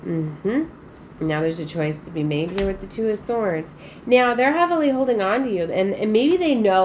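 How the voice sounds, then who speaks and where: A woman's voice: medium pitch, expressive, normal speed, a little mellow, slight background noise. A woman giving a casual spiritual tarot reading, chatty and emphatic, with frequent fillers. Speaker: tarot reader.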